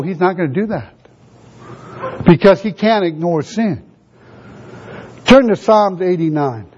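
A man's voice: high voice, a little mellow. A man preaching a sermon, firing rhetorical questions at his listeners and stretching out scripture verses word by word for emphasis. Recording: dull lo-fi recording.

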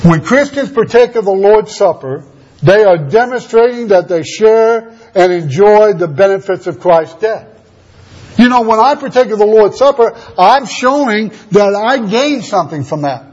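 A high-pitched man preaching a sermon, his delivery measured and emphatic. He leans on rhetorical questions and repeated phrases to drive each point home. The recording sounds dull and lo-fi. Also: animated, a little mellow.

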